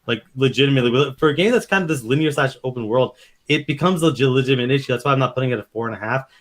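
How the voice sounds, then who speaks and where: A young man co-hosting a podcast, giving casual game opinions, animated and profane, acting out quotes. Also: medium pitch, very fast. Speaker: podcast co-host. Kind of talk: casual review chat.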